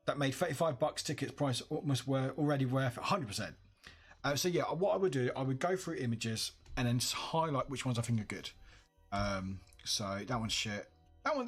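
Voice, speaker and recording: Young uk guy rambling on a home stream, husky voice, faint music behind. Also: medium pitch. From United Kingdom. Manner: rambling, self-correcting, chatty. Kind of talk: casual livestream chat.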